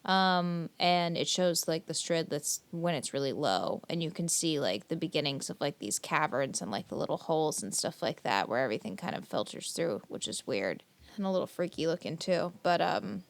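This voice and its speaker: A woman's voice: low-pitched, lively intonation, moderate pace, dry recording. A young woman co-hosting a podcast, retelling a story in casual chat with lots of fillers and swearing. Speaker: podcast co-host.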